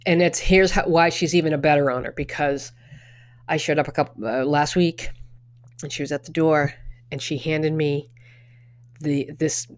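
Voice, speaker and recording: A middle-aged woman with a fairly low voice talks in a loose, chatty way. She keeps restarting her sentences and drops in the occasional curse. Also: fairly even intonation, moderate pace, pauses often. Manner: chatty storyteller with frequent restarts and swearing. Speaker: podcast co-host. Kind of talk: casual chat.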